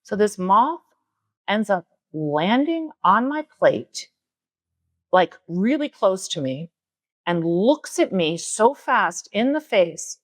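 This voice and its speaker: A middle-aged woman speaks casually as a spiritual teacher telling a personal story. She acts out the quoted lines with sudden jumps up in pitch. The sound is dry and close, with no room echo. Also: sing-song, takes it slowly. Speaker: spiritual teacher and podcast host.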